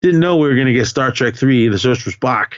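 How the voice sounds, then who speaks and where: A man's voice: medium pitch, lively intonation, fairly quick, dry recording. Man rambling through a story on a dull recording. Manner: rambling storyteller with many fillers and restarts. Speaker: podcast host. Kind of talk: casual chat, retelling a movie scene.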